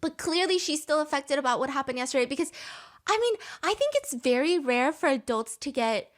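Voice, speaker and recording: A woman with a fairly high voice tells a story in an easygoing podcast chat. She is animated and chatty, laughs easily, and keeps the retelling moving. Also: fairly quick. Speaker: podcast host. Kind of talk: casual storytelling recap.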